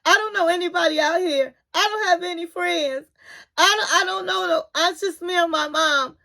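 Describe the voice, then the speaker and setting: A woman's voice: very high voice, normal speed, creaky, bright, forceful tone, pitched above the performer's own voice, exaggerated voice. A woman voicing a distraught young woman who is crying and feels alone. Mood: sobbing.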